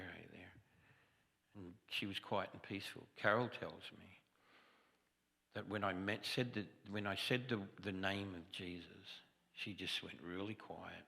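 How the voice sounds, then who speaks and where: In a church sanctuary, a guest preacher with a deep, bright, forceful voice and some vocal fry delivers a testimony sermon. He tells it conversationally like a story, with self-deprecating humor, and the large hall echoes around him.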